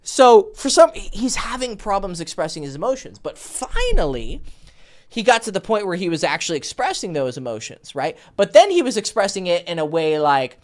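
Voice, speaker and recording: Animated, swearing male dating coach. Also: high voice, brisk. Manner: animated, profane, acts out quoted dialogue. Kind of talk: casual coaching Q&A.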